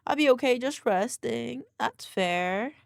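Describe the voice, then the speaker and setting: A woman's voice: fairly high pitch, animated, unhurried, creaky, dry recording, clean studio sound. Sleepy, laid-back young woman streamer. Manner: sleepy, laid-back, chatting while counting exercise reps. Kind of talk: casual chat with live chat.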